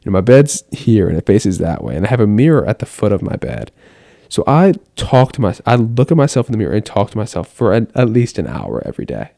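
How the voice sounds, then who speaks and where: A teenage boy muses aloud in a late-night bedroom vlog, his voice mellow and on the low side. He rambles earnestly, leaning on "like" as he goes. The sound is close and dry, with no room echo. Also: sing-song, fast talker, gravelly. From United States. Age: teens. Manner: rambling, earnest, many "like" fillers. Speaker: vlogger. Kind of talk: late-night reflective monologue. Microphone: camera.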